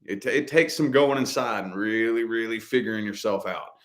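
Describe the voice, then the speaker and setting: Relaxed slangy man, casual chat. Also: fairly low pitch, moderate pace. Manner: loose, repetitive, slangy, says dude and man. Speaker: podcast co-host.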